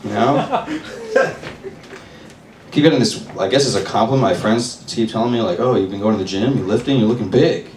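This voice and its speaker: A man in his twenties performs stand-up at an open mic in a bar room, crude and sardonically self-deprecating. His fairly low, slightly mellow voice moves briskly with long pauses. The distant mic picks up an echoey room, slight background noise, and the audience laughing.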